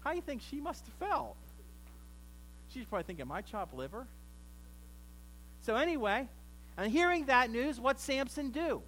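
A man's voice: very high-pitched, expressive, moderate pace, pauses often, a bit bright, slight background noise, poor audio. A man preaching a sermon, retelling a story conversationally with wry asides.

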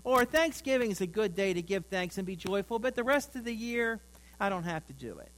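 A male pastor preaching a sermon, swinging between loud emphasis and quiet asides. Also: high-pitched, expressive, fairly quick. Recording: mains hum.

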